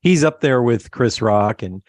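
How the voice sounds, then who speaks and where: A middle-aged man hosting an interview in casual chat, telling animated stories and acting out the voices of people he quotes. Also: medium pitch, measured pace, dry recording. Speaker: podcast host.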